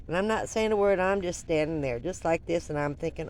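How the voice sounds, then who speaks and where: An older woman vlogger telling a personal story in an animated, rambling way, full of restarts and asides. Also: lowish voice, brisk, slight background noise.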